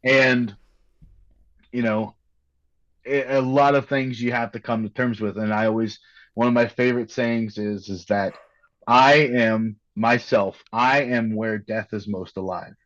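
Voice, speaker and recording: Male podcast guest, mid-pitched, earnest and halting, muffled dry recording. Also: steady tone, fairly bright tone, no room sound. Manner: earnest, halting, repeats words. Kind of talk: candid conversation.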